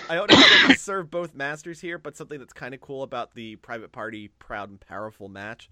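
A man co-hosting a podcast in casual chat, talking with excitement and swearing freely. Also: medium pitch, fast, few pauses. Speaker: podcast co-host.

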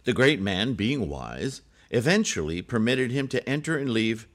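A man's voice: mid-range voice, very animated, normal speed. A man reading a Buddhist scripture aloud and breaking off into casual spoken commentary with frequent "right?" asides.

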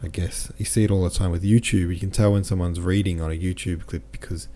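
A podcast host talking through a novel in a loose, rambling way. His voice sits low and has a dark, mellow tone. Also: steady tone, fast talker. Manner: rambling, conversational, reads listener comments aloud. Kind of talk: casual book discussion.

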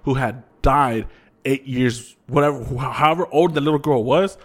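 Here a man co-hosting a podcast spins ghost tales with plenty of profanity and energy, acting out what each character said. He speaks at a normal speed in a medium-pitched voice, relaxed and conversational.

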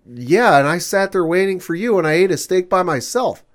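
A woman's voice: fairly low pitch, expressive, moderate pace, voice pushed up, close to an everyday voice. A man voicing an annoyed young woman snapping at her date over the phone. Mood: exasperated.

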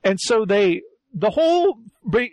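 A man's voice: high voice, measured pace, no room sound. A man chatting casually on a comedy podcast, retelling a TV show and acting out the people in it. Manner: animated storyteller, acts out quotes in put-on voices.

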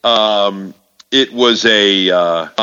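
A man talking casually about faith, halting, with many fillers and restarts. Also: lowish voice, pushed and bright, clear, resonant tone. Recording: distant hall echo, muffled sound.

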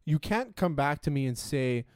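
A man's voice: a little high, animated, normal speed, darkish tone, clean tone, no echo, studio quality. A man co-hosting a sports talk show, emphatic and repetitive, cursing freely as he vents. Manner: emphatic, repeats himself, swears. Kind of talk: casual sports banter.

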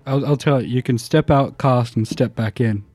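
A man playing a tabletop game, talking casually with animated, joking reactions. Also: mid-range voice, moderate pace, no echo, faint music behind. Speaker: player.

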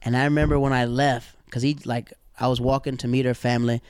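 A young man from the American South telling animated, slangy stories in casual chat, acting out the people he quotes. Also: medium pitch, quick pace, clear, resonant tone, no room sound, studio quality.

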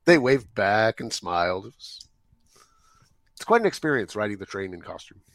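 A man's voice: on the low side, big pitch swings, normal speed, a bit bright, dry recording. A man in casual podcast chat, telling wry stories with hesitant fillers.

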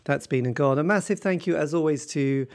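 A man's voice: a little high, fairly quick. A man hosting an interview podcast, asking short questions and speaking to the listeners. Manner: brief interjections, addresses listeners. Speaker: podcast host.

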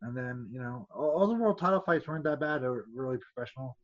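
A man's voice: medium pitch, lively intonation, fast talker, dull audio. A man, a former fighter, telling rambling stories as a podcast guest, stumbling and restarting often and acting out other people's lines. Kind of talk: casual storytelling.

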